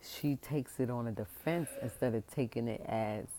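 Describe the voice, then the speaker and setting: A woman's voice: extremely low pitch, moderate pace, noisy background. Mom ranting into her camera, passionate and emphatic, rambling on. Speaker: parent venting to camera. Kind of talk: casual vlog rant.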